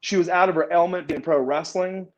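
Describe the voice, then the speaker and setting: A higher-voiced middle-aged man, a former pro wrestler, spins a story at a quick pace with a steady tone. As a guest in a casual shoot interview, he rambles, restarts and repeats words, and acts out quoted dialogue, in muffled lo-fi audio.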